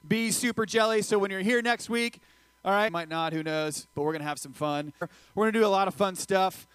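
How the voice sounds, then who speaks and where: A man preaching a casual sermon to a youth group, energetic and joking, talking straight to the crowd. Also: sits high, a little fast, smooth, dry recording, low-quality recording. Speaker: youth pastor.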